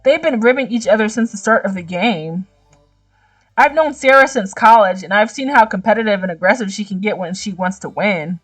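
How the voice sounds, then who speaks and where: Animated young woman reading a visual novel. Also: medium pitch, brisk, far from the mic, soft background music. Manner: animated, slangy reactions and exclamations. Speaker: gaming YouTuber.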